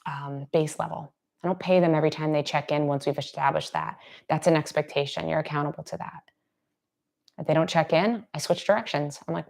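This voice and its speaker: A woman with a notably low voice explains dog training in a relaxed, chatty way during a live Q&A. Now and then she softens almost to a whisper to model gentle praise. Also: creaky. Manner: conversational, drops to soft near-whispers to demonstrate praise. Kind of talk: casual live Q&A teaching.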